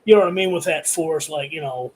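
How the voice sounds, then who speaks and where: Talking to his own camera, a man rants casually about horror movies, swearing heavily and rambling with plenty of fillers. His voice is fairly high and quick with a darkish tone. The audio is poor, with a little hiss or hum.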